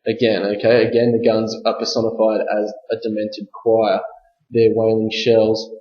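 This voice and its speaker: A male teacher giving a recorded lesson on a poem, reading verse slowly and explaining step by step with frequent "okay?" checks. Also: fairly low pitch, monotone. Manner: reads verse slowly and deliberately. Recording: echoey room, dull lo-fi sound.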